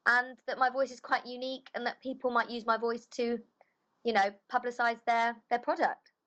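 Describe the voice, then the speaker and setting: A woman's voice: a little high, flat delivery, moderate pace, fairly bright tone, highs cut off. A woman voice actress chatting casually in an interview, loose and full of filler phrases. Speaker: voice actress guest.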